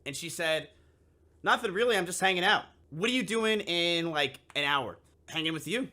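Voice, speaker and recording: A young man with a bright, forceful voice tells a wild story to his stream chat, pitched a bit high. He swears constantly and slips into the voices of everyone in the tale. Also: moderate pace. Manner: profane and animated, acting out both sides of the conversation. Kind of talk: casual storytelling to a live chat.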